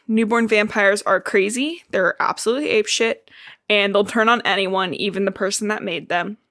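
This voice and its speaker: A woman's voice: medium pitch, fairly bright tone, no echo, clean studio sound. A woman with a Midwestern American accent co-hosting a casual book-discussion podcast, retelling scenes, swearing freely and laughing often. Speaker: podcast co-host.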